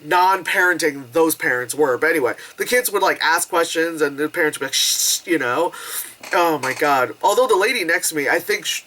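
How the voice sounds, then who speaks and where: Giggly, animated young woman reviewing a movie. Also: low-pitched. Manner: animated and giggly, swears freely, acts out squealing quotes. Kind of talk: casual movie review chat.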